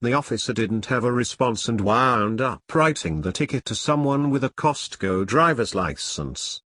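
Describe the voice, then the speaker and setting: A man reads online stories aloud in a steady, matter-of-fact way. His voice sits at an ordinary middle pitch. It is recorded dry and close, with no room sound at all. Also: moderate pace, dry recording. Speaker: narrator.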